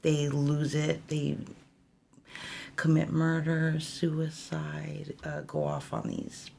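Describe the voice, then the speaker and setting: Gravelly woman telling ghost stories. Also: deep voice, takes it slowly, a little hiss or hum. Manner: lively, conversational, lots of "you know". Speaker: ghost hunter guest. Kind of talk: storytelling ghost tales.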